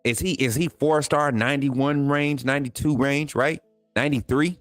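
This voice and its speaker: Excitable man hosting a sports livestream. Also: mid-range voice, moderate pace, no room sound, soft background music. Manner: excitable, hypes players, talks straight to viewers; repeats phrases, casual colloquial speech. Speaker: sports channel host. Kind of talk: casual livestream commentary reading chat.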